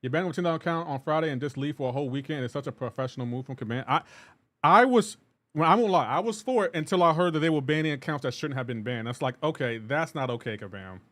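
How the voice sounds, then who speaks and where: A male game streamer speaks on a live stream. He rants in an exasperated way and keeps circling back over the same words as he answers chat. His voice sits a bit high for a man and sounds dry and close, with no room echo. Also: expressive, fast, fairly bright tone. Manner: exasperated ranting, repeats himself.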